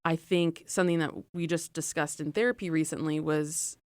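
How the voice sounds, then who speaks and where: A young adult woman hosting a podcast, chatting casually with quick asides and easy laughs. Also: deep voice, steady tone, darkish tone, no echo. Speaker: podcast host. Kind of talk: casual chat.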